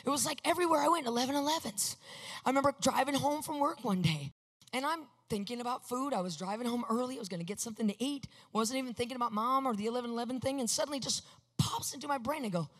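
A woman preaching a testimony sermon, emphatic, moving from hushed to loud. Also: a little high, fast talker, long reverb tail.

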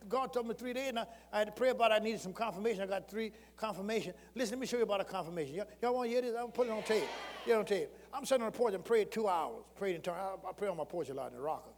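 A man preaching a sermon, telling folksy stories that swing from murmured asides to shouted exhortation. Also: high voice, expressive, very fast, in a large hall, slight background noise. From rural Southern United States. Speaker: pastor.

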